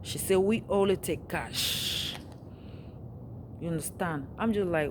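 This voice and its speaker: A woman's voice: lowish voice, takes it slowly, background noise. A woman from Africa, venting in an exasperated monologue that circles back on itself with rhetorical questions. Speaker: vlogger.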